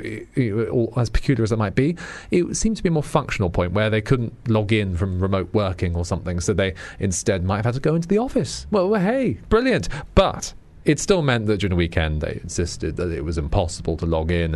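This British radio host's current-affairs monologue is chatty and dry-humored, peppered with fillers and false starts. He speaks at a fairly low pitch with a darkish tone, and there's no room sound.

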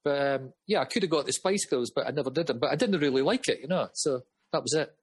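A man's voice: medium pitch, animated, quick pace, husky. A middle-aged man, a music promoter guest, telling rambling stories with frequent laughs. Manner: rambling, chatty, laughs often. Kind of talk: casual storytelling.

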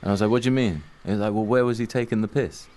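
A man's voice: fairly low pitch, racing, dark tone. A man with a British accent co-hosting a casual radio show, bantering in a laid-back way. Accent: British English. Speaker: radio co-host.

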